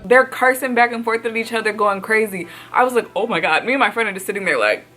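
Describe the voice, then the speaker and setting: A woman vlogger telling a storytime, chatty and excitable, with lots of "like" and her voice jumping up at surprising moments. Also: fairly high pitch, quick pace, a little hiss or hum. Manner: chatty, fills speech with "like"; excitable, voice jumps up when retelling surprise. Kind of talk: storytime recounting.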